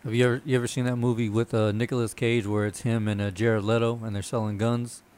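A man's voice: mid-range voice, little pitch movement, quick pace, darkish tone, clean tone. A young man in casual chat, rambling loosely through stories and half-remembered details.

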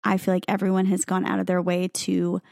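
A woman's voice: fairly low pitch, completely flat delivery, fairly quick, creaky, darkish tone, dry recording, clean studio sound. A young woman co-hosting a podcast, chatting casually with plenty of fillers and laughs. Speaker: podcast co-host. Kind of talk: casual chat.

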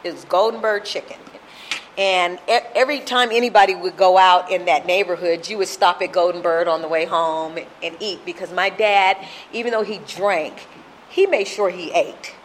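A woman in her fifties from Compton giving an emotional, halting recovery testimony, often repeating herself. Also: fairly low pitch, slight background noise. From Compton, California. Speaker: speaker sharing at a recovery fellowship.

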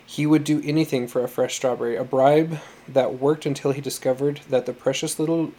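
A man narrating a story in a steady, earnest reading voice. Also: mid-range voice, fairly quick. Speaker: audiobook narrator.

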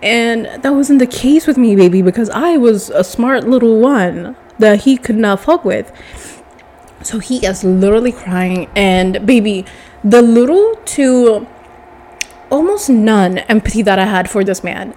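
A young woman with a stuffy nose telling a long personal story in a casual, animated way, swearing freely and calling the listener baby. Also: medium pitch, a little slow, a little hiss or hum.

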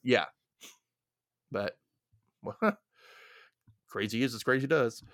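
Male podcast host, casual movie recap, dry close mic, mid pitch. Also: takes it slowly, dry recording. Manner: laid-back, acts out characters with sudden loud yelps.

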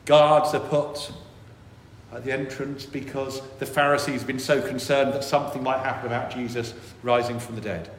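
In a church full of long, echoing reverb, a male priest preaches a sermon at a moderate pace, his voice medium in pitch. He's animated and gives voice to anxious inner thoughts, and a little hiss or hum can be heard.

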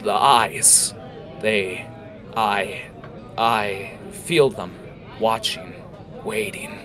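A man's voice: fairly low pitch, animated, sharp tone, some chatter behind, full character voice. A man voicing an exhausted male orc who stammers in fear. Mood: fearful. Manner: halting, mumbling, paranoid.

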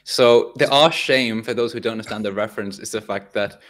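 A low-voiced man with a North East English coastal accent talks in a loose, chatty way, swearing now and then and circling back on his sentences. He sounds like a podcast co-host in relaxed conversation. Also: fairly quick. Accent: North East English, Tyneside coast. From North East England. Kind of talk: casual chat.

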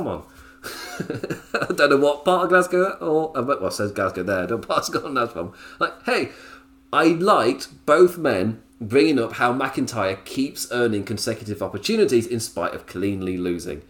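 Man, young adult, casual solo commentary, giggly, rambling, lively pitch. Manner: giggly, rambling, self-mocking. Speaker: wrestling show reviewer.

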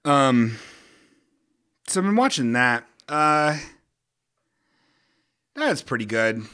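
A man's voice: mid-range voice, slow pace, clear, resonant tone. A man hosting a casual comedic podcast, rambling and joking as he stumbles through his own sentences. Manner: rambling, animated, self-interrupting with jokey bits. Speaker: podcast host.

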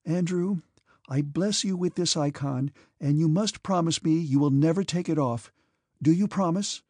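A man voicing a gentle, devout, timid young princess in an audiobook, earnest and pleading. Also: fairly high pitch, normal speed, breathy edge, dry recording, clean studio sound, pitched above the performer's own voice. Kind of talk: audiobook character reading.

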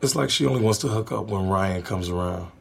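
A calm, gravelly blunt boyfriend. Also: male voice, lowish voice, fairly quick. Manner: calm, steady. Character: calm, blunt man setting limits with a girlfriend. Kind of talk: sitcom acting.

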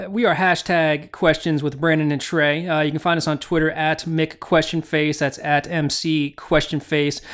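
Joking man hosting a podcast. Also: a little high. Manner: joking, deadpan self-promotion. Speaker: podcast co-host. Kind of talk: casual comedic podcast banter.

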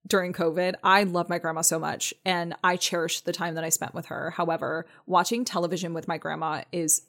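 A woman's voice: fairly low pitch, flat delivery, brisk, a bit bright. A woman co-hosting a podcast, chatting casually and eagerly affirming her partner. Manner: enthusiastic, affirming listener. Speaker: podcast co-host. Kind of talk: casual chat.

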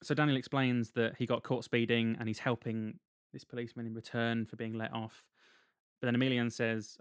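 A man's voice: medium pitch, little pitch movement, fairly quick, clean tone, no room sound. Man recapping a film, chuckling. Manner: retells plot with dry humor, laughs often. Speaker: podcast co-host recapping a film. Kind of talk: casual chat.

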